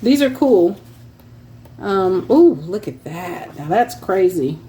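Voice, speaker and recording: Slow, chatty woman sorting craft papers. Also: mid-range voice, very animated, background noise. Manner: chatty, laughs often, reads titles aloud as she browses. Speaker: online craft seller. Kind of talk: casual show-and-tell sales vlog.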